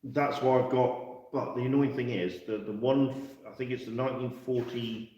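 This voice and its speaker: A man's voice: mid-range voice, fairly even intonation, normal speed, warm tone, lo-fi sound, slight background noise. A man in casual, rambling chat about tabletop wargame rules, joking as he goes. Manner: chatty, rambling, jokey. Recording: roomy echo, mic at a distance.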